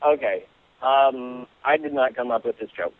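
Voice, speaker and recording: A man being interviewed as an actor, talking casually and haltingly with many fillers and restarts. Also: mid-range voice, no room sound. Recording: tinny phone line, dry.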